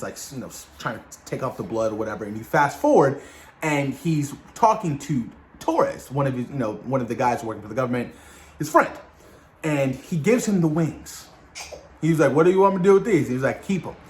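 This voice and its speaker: A man hosting a casual spoiler discussion of a TV episode, talking excitedly in slang straight to his viewers. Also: medium pitch. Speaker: video host reviewing a TV episode.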